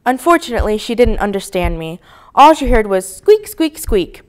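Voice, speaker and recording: A woman reading a children's story aloud, her voice rising and falling in a lively sing-song. Her tone is smooth and clear, set a little high. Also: moderate pace. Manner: expressive, sing-song narration. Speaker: storybook reader.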